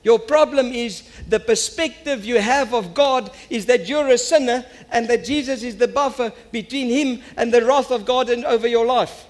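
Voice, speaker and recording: A man's voice: very high voice, normal speed, few pauses. A man, a pastor preaching a sermon and telling a story that builds to emphatic appeals.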